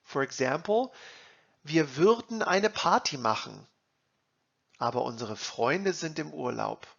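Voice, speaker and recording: Slow, gravelly-voiced man teaching German. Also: on the high side, animated, a bit bright, lo-fi sound. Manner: reads German examples then translates, slow and deliberate. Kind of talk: slow explanatory lesson.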